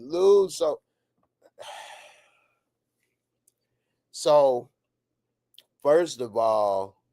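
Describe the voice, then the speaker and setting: Excitable man reviewing a TV episode. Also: a little high, vocal fry, no echo, studio quality. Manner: excitable, laughing, rising to shouts. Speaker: TV show reviewer. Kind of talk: casual TV episode reaction.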